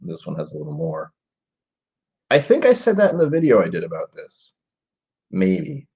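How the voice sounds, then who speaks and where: A man in his forties with a low, husky voice chats casually on a live stream, thinking out loud and drifting into trailing asides. The stream audio is dull and lo-fi. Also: wildly swooping pitch, moderate pace. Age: 40s. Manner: musing aloud, rambling with trailing asides. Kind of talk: casual live-stream whiskey tasting chat.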